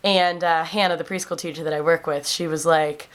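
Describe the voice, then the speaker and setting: A woman's voice: low-pitched, steady tone, brisk. A young woman in her twenties, a classroom aide, casually telling funny stories in a vlog with frequent ums and a lift in her voice when quoting kids.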